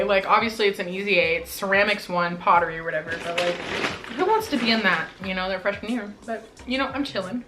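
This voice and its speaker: A woman's voice: mid-range voice, quick pace, background noise. A teenage girl from Colorado chatting casually in a mukbang vlog, full of "like" fillers while she eats. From Colorado, USA. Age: teens. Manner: chatty, lots of "like" fillers, talks while eating. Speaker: vlogger.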